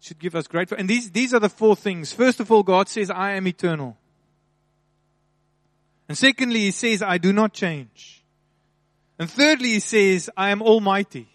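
A male pastor preaching a sermon, repeating and slowly stressing key phrases with rising emphasis. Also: sits high, no echo, studio quality.

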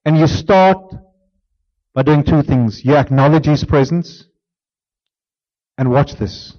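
A man preaching a sermon as pastor, swinging from emphatic declarations down to hushed near-whispers. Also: on the high side, slow, muffled recording.

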